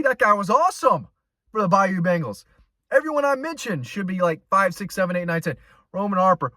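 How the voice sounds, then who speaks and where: Bright-voiced exasperated man. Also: on the high side, dry recording, clean studio sound. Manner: exasperated, scornful, rambling. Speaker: sports channel host. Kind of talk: casual ranting commentary.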